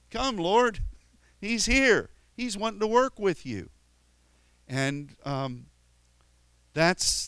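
A man's voice: a bit bright, smooth, dry recording. A man preaching a sermon in an earnest, rambling way with many restarts, sometimes rising sharply for emphasis. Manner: rises sharply in pitch and volume for emphatic quotes.

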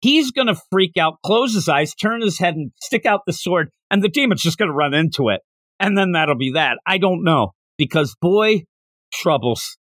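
A man's voice: high voice, normal speed, no room sound, clean studio sound. A man co-hosting a casual manga podcast, recapping a chapter and acting out the characters' lines as he goes. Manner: animated, acts out characters' lines while recapping. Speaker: podcast co-host.

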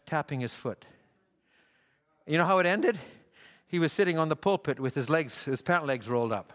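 A man preaching a sermon at a church service, emphatic and repetitive, building to shouts. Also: mid-range voice. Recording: church hall with long reverb.

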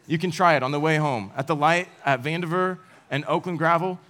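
A man's voice: fairly high pitch, fairly quick, a bit bright, slight background noise. Young man giving a casual sermon. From United States. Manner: casual, self-deprecating, with laughs. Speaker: campus speaker. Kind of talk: sermon to college students.

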